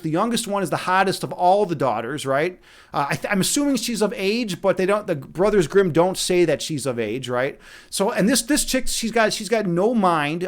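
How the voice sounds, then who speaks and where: High-voiced man chatting casually on a stream. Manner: rambling, profane, often asks "right?". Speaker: streamer, chess instructor and meditation guide. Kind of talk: casual live-stream chat.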